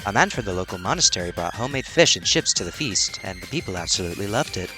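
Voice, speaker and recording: A man's voice: low voice, sing-song, fast talker, voice pushed down. A man putting on a playful dead girl who can't stop making puns, her voice swinging up and down as she teases, with faint music underneath. The game dialogue lands with a cheeky grin. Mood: teasing. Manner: playful, teasing joke delivery. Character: cheerful pun-loving dead young woman.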